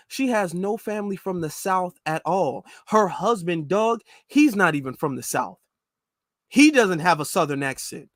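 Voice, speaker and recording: A man's voice: sits high, fairly bright tone, no echo, clean studio sound. A man hosting an opinion commentary show, reacting to clips in an indignant, emphatic way and repeating his points. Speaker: commentary channel host.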